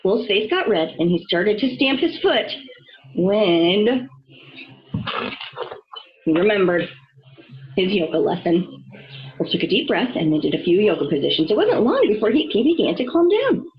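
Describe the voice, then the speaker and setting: A woman reading a children's storybook aloud, expressive and storytelling. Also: mid-range voice, normal speed, pauses often, dull audio. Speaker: reader.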